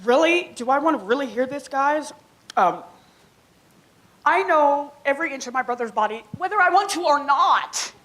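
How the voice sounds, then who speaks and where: Woman, stand-up comic, lively swooping voice, fairly high, giggly, handheld mic in a small club. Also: normal speed. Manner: animated, giggles through her own jokes. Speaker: first-time stand-up comic. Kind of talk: stand-up comedy set. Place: small comedy club stage.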